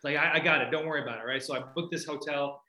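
A man's voice: a little high, steady tone, racing, sharp tone, roomy sound, low-quality recording. A man, a touring golfer, telling a laid-back story in a casual chat with frequent laughs. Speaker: guest golfer.

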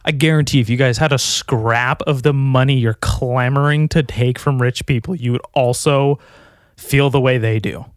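A man's voice: mid-range voice, steady tone, moderate pace, dry recording. A man rambles through a solo podcast, swearing freely and poking fun at himself. His voice sits in an ordinary middle range for a man. The sound is close and dry, with no room around it. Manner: profane, rambling and self-mocking. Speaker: podcast host. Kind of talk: casual solo podcast monologue. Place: at home with his dog.

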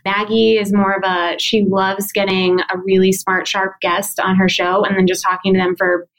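A woman's voice: mid-range voice, level tone, normal speed, poor audio. A woman interviewed as a guest, talking casually and chattily about her work with many fillers. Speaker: podcast program manager, guest.

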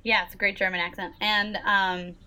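A young woman chats casually on a podcast, laughing often and filling her talk with "like." Her voice sits at an ordinary middle pitch and she sounds relaxed and playful. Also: moderate pace, smooth. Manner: giggly, chatty, lots of "like" and laughs. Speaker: podcast co-host, teacher. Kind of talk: casual chat.

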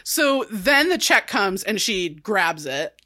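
A woman's voice: medium pitch, sing-song, slow pace, sharp tone. A woman in her thirties co-hosting a casual chat, talkative, swearing freely and laughing often. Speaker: podcast co-host.

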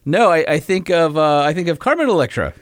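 Animated male podcast co-host, slightly higher voice, dry close sound. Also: a little fast, no echo. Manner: animated, laughs often, reads messages aloud. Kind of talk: casual chat reading listener mail.

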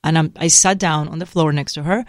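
A woman on a talk show telling personal stories in a lively way, acting out the voices she quotes. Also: sits low, brisk, dry recording, studio quality. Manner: acts out quoted voices, laughs through stories. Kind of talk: animated personal storytelling.

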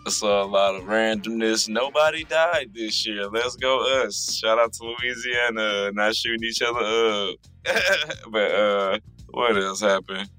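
A man co-hosting a podcast, his voice hoarse and mostly gone, telling stories in a lively way and swearing often. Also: on the low side, measured pace, faint music behind, poor audio. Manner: animated storyteller, swears a lot. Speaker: podcast co-host. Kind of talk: casual chat.

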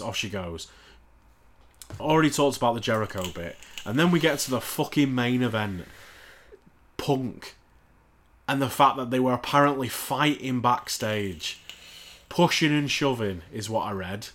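A man talks fast and loose on a casual podcast, swearing constantly and sounding exasperated and sarcastic. His voice sits in an ordinary middle pitch. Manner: heavily profane, exasperated, sarcastic ranting. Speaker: podcast co-host.

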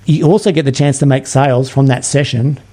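Australian male guest, mellow tone, eager and persuasive, stumbles on starts. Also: medium pitch, steady tone, fairly quick. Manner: enthusiastic, persuasive, frequent word repeats. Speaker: podcast guest. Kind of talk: casual interview chat.

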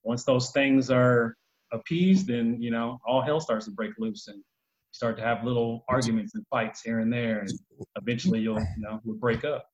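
A man's voice: mid-range voice, fairly even intonation, moderate pace. A man speaking bluntly and opinionatedly in a casual podcast chat, with some swearing. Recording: dull lo-fi sound.

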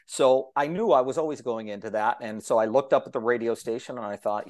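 A man's voice: mid-range voice, quick pace, few pauses, no echo, studio quality. A man who is a longtime broadcaster, telling stories as a talkative guest and acting out the dialogue. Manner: lively storyteller who acts out quoted dialogue; talkative, self-described yapper. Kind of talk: casual storytelling conversation.

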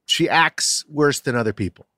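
A man with a fairly high, very lively voice, talking fast and loose on a casual recap show. He swears freely and swings from dry jokes into loud rants. The sound is close and dry. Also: no room sound. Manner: animated, profane, jokey rants. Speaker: podcast co-host. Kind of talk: casual chat.

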